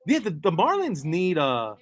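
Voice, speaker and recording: Excitable, animated radio co-host. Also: male voice, high-pitched, normal speed. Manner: excitable, joking, emphatic. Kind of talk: casual sports radio banter. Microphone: studio broadcast mic.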